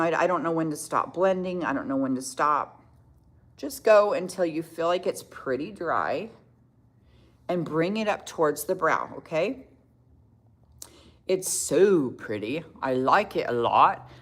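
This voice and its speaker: Low-voiced woman hosting a chatty makeup livestream. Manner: chatty, reads viewer comments aloud, quick to laugh. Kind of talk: casual makeup tutorial livestream.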